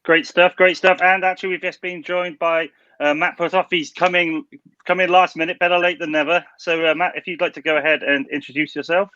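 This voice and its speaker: A man's voice: fairly high pitch, flat delivery, a little fast, sharp tone, dry recording, lo-fi sound. A man hosting a panel discussion over a video call, chatty and welcoming. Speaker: panel moderator.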